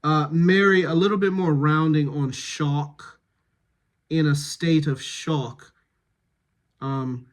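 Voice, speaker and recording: A man working as a dialect coach, reading rehearsal notes to a cast in a slow, measured way with frequent pauses. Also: a little high.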